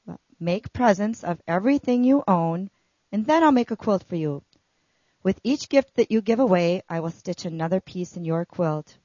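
A woman voicing a kind, generous quilt maker in a read-aloud story, speaking calmly and gently. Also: mid-range voice, normal speed, dry recording, highs cut off, natural voice.

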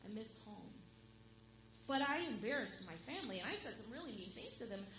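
A woman voicing a nervous, homesick young woman in a church story, pleading softly and earnestly. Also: fairly high pitch, a little fast. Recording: echoey room with steady hum.

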